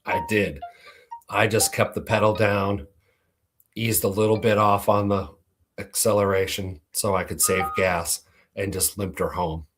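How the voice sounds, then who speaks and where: Brief: low-voiced host, husky, relaxed and swearing as he tells his story. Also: a little slow, soft background music. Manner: laid-back, profane. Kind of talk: casual storytelling.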